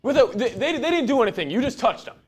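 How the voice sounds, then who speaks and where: A man's voice: very high voice, big pitch swings, quick pace, slightly rough. A man co-hosting a fan game stream, giving blunt, exasperated color commentary with casual slang.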